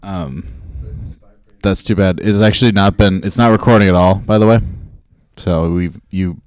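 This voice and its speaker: Dry, low-voiced man podcaster. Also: moderate pace, a little mellow, dry recording. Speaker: podcast co-host. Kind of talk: casual podcast chat.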